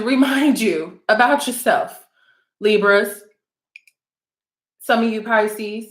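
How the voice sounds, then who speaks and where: A woman's voice: on the high side, slow pace, pauses often. A woman talking to her viewers as a spiritual reader in a casual, rambling monologue. She is blunt, teasing and profane, and calls her audience out. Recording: roomy, echoey room sound.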